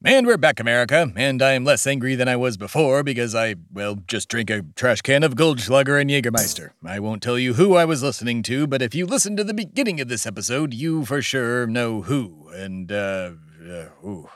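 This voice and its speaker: Blustering pompous man, very lively pitch. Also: a little fast, hardly any pauses, no echo, clean studio sound. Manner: pompous, over-the-top patriotic bluster. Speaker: comedy podcast host in character. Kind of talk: satirical scripted comedy monologue.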